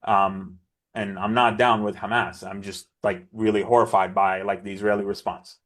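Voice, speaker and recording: A man of the Palestinian diaspora giving a passionate interview as a guest, animated, full of restarts and mocking quoted voices. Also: lowish voice, normal speed. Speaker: interview guest, peace advocate. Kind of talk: impassioned interview talk.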